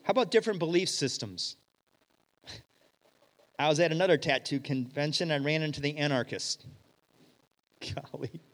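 A middle-aged man preaching a sermon as pastor, telling stories and acting out the dialogue, sometimes loud and sometimes hushed. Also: fairly high pitch, normal speed, long pauses. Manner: animated storyteller, acts out dialogue, swings loud and hushed. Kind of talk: sermon with storytelling. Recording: reverberant hall.

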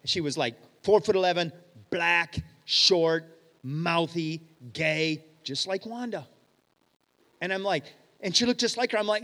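Middle-aged man, pastor preaching in a church hall, lively storyteller who acts out the voices, slight hall reverb. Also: high voice, unhurried. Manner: animated storyteller, acts out dialogue, swings loud and hushed. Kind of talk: sermon with storytelling.

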